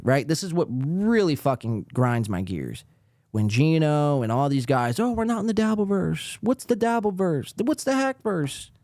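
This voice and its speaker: A man's voice: no echo, studio quality. A man hosting a live podcast, ranting in a profane, sarcastic way while reacting to clips. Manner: lively, jumpy pitch. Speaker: podcast host. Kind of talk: casual live-stream commentary.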